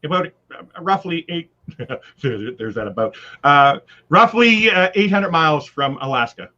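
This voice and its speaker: A man from western Canada, the guest on a live chat, speaks in a fairly high, bright and sharp voice. He rambles, restarting his sentences, and his sound comes through a dull, lo-fi connection. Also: animated, measured pace. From British Columbia, Canada. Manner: rambling, with many fillers and restarts. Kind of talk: casual chat.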